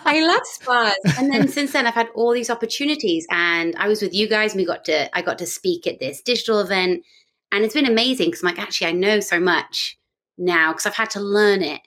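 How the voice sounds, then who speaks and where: A young woman with a British accent tells stories on a podcast in a breezy, self-mocking way. Her voice sits at an ordinary middle pitch. She talks quickly and loosely, like a guest at ease. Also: fairly bright tone. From Britain. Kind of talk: casual podcast chat.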